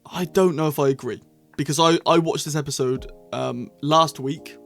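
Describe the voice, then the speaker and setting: A man chatting excitedly as he reviews episodes of a TV series, full of quick asides. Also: a little high, creaky, soft background music. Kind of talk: casual review monologue.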